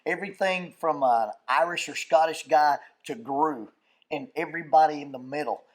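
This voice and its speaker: Lebhafter Mann, der Anekdoten erzählt. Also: male voice, on the high side, moderate pace. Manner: animated storyteller who reaches for fancy words. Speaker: skit troupe member on a panel. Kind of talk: casual chat.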